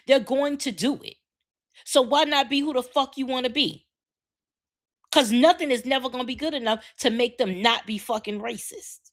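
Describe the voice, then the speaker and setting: A woman in her forties hosting a live podcast, ranting bluntly with lots of swearing while reacting to viewer comments. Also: fairly high pitch. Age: 40s. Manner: blunt, profane, animated rant. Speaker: podcast host. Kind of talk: casual live-stream talk, reading viewer comments.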